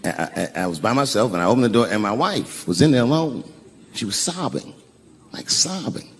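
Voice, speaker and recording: A man performing a stand-up comedy set, animated and shouting the punchlines, recorded live in a large echoey venue with the audience heard behind him. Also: medium pitch, normal speed, slight background noise.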